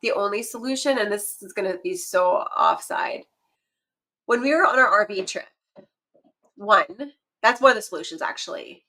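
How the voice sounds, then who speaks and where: Talkative woman around forty, podcast guest, animated storyteller who laughs often. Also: medium pitch, normal speed, poor audio. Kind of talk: casual podcast conversation.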